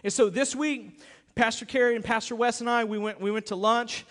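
Brief: emphatic male pastor mid-sermon, high-pitched voice, long reverberant hall. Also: steady tone, brisk, a bit bright. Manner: emphatic, repeats himself, acts out quoted voices. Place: church sanctuary.

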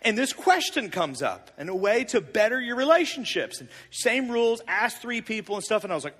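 A man in his thirties telling a personal story in a sermon, animated and confessional, with big swings in volume. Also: sits high, fast, hardly any pauses, long reverb tail.

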